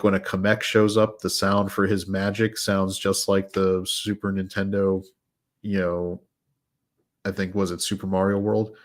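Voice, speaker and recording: A man hosting a podcast, chatting casually about films in a rambling way full of fillers and restarts. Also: low voice. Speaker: podcast host. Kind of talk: casual chat reviewing films.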